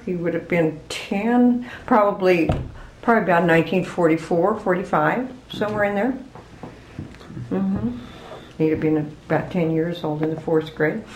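A woman's voice: medium pitch, unhurried, roomy sound, background noise. An older woman being interviewed, chatty and reminiscing, laughing as she remembers. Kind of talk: oral history interview.

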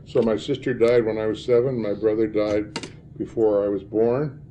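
A man's voice: lowish voice, fairly even intonation, normal speed, warm tone, slight background noise. An older man from the American Midwest addressing an audience of librarians, telling rambling anecdotes and tagging his lines with "huh?". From northern Illinois, USA. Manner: rambling storyteller, tags many lines with "huh?". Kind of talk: talk to a live audience.

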